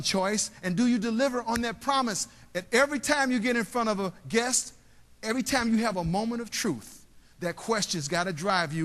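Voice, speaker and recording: High-voiced man giving a motivational keynote. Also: moderate pace. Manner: preacher-like call and response with the audience; storytelling, drops quiet and soft for emotional parts. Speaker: keynote speaker. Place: large convention hall. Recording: long hall reverb, live stage.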